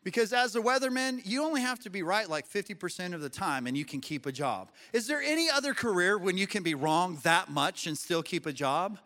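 A man's voice: sits high, animated, fairly quick, hardly any pauses, pushed and bright, long reverb tail. A male pastor preaching a sermon in a conversational, joking way with his congregation in a church. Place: church sanctuary.

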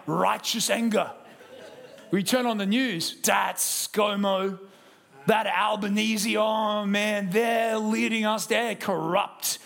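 Preaching at a church service, an Australian man delivers a lively, conversational sermon and acts out quick impressions. His voice is high-pitched and creaky.

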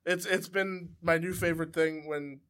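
A man's voice: a little high, fairly even intonation, moderate pace, crowd noise. A young man co-hosting a comedy podcast, telling a rambling story in casual chat. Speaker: podcast co-host.

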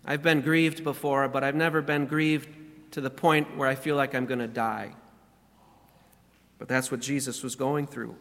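Male pastor, emphatic sermon delivery, bright voice, long church reverb. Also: medium pitch, steady tone, normal speed. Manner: earnest, emphatic, reads scripture aloud and stresses key words. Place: church sanctuary.

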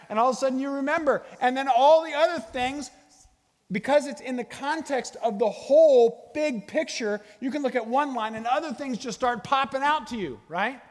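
A middle-aged man giving a guest sermon in a church, animated and jokey, talking to a live audience. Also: extremely high pitch. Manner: animated, jokey, bursts into sung movie lines. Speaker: guest speaker. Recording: long hall reverb.

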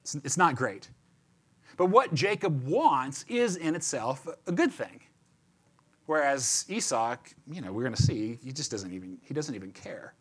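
Animated man preaching a casual sermon. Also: medium pitch, measured pace, slightly rough. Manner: animated, chatty, repeats words and asks "right?". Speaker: pastor. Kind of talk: conversational sermon.

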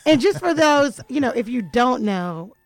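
A woman's voice: fairly high pitch, animated, a little slow, no room sound, poor audio. A woman hosting a radio show in a studio, chatting casually and playfully, joking and laughing often.

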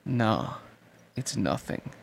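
A man's voice: lowish voice, very animated, slow, gravelly, slight background noise, exaggerated voice. Man reading an earnest bewildered teen boy hero, questioning, amateur audiobook reading. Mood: puzzled. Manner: puzzled, questioning.

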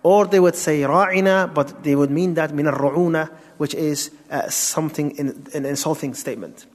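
Heard with long hall reverb, an Islamic teacher leads a Quran tafsir lesson, explaining each step, asking rhetorical questions and using Arabic terms. His voice sits on the high side, warm in tone and fairly quick.

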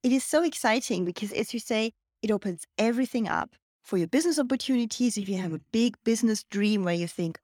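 A woman's voice: a little high, animated, quick pace, a little mellow, no room sound, studio quality. A woman host, summing up the guest's points in long, thoughtful turns. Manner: reflective, long summarizing turns. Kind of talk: interview conversation.

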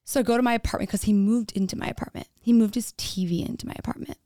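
A woman's voice: a little high, steady tone, very fast, dark tone, no echo, clean studio sound. A young woman candidly telling her own story in a casual way, acting out what others said. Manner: candid, frequent "like", acts out quoted dialogue.

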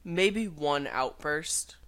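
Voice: mid-range voice, expressive, drawn-out words, a bit bright. A co-host in casual chat who answers with short, dry quips.

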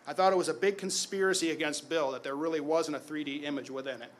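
Fervent man preaching, slightly high voice. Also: fast talker. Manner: emphatic preaching, swells loud then drops quiet on key phrases. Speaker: pastor. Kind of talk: sermon.

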